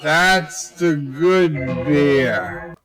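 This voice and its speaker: A man's voice: a little high, drawn-out words. A man doing a put-on Australian accent as a rambling, jokey bloke telling tall tales. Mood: joking. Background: music.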